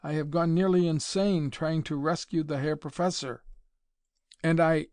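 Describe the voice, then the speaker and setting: A man voicing an excitable young male lab assistant, speaking stilted, agitated English in an audiobook. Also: a little high, moderate pace, clear, resonant tone, dry recording, studio quality, voice pushed up, natural voice. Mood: desperate. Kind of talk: audiobook character voice.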